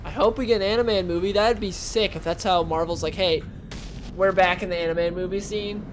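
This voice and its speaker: A man's voice: high voice, fairly even intonation, a little fast, a little hiss or hum. A young man hosting a casual gaming video, chatting and rambling while he plays and reacts to the game. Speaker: gaming channel host. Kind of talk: casual let's-play commentary.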